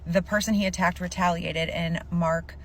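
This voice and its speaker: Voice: medium pitch, fairly even intonation, moderate pace, a bit bright. A storyteller recounting a reader's story in casual storytime narration, chatty and full of "like". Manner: chatty, peppered with "like".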